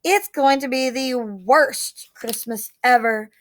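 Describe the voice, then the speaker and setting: A woman's voice: fairly high pitch, slow pace. Woman doing a bratty, mocking big sister. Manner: snippy, mocking.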